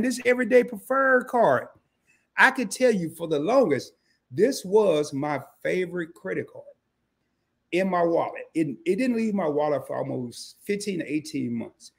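A man's voice: a little high, creaky, breathy edge. A man hosting a casual live stream about credit cards, chatting loosely with viewers in slang, greeting them by name and correcting himself as he goes. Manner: frequent fillers and self-corrections. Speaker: credit card channel host.

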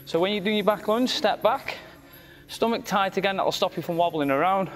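A man's voice: high voice, brisk. A man leading a cardiac rehab exercise circuit, giving short counted cues while slightly out of breath. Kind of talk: coaching an exercise class. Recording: faint background music.

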